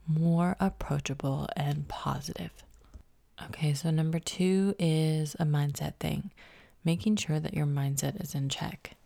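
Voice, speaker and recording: Low raspy-voiced woman, half-whispering. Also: mellow, dry recording. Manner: upbeat, encouraging, laughs at herself. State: a little stuffy from a cold. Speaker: podcast host. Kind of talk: motivational solo podcast talk.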